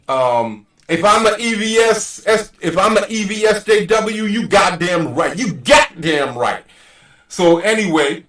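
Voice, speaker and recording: Man ranting heatedly, high-pitched and profane. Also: a bit bright, roomy sound, recorded from a distance. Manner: profane, emphatic, argumentative. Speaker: channel host. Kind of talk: heated casual rant.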